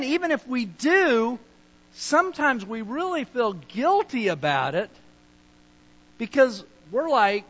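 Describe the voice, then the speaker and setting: A male pastor preaching a sermon, emphatic, with sudden shifts between loud points and quiet asides. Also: highs cut off. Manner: acts out sheepish excuses in a low mutter.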